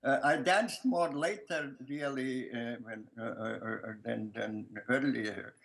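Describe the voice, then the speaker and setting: An older man with a strong Lithuanian accent, a filmmaker answering interview questions in a halting way, searching for words and often restarting, with soft laughs. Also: mid-range voice, vocal fry, low-quality recording. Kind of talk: casual conversation.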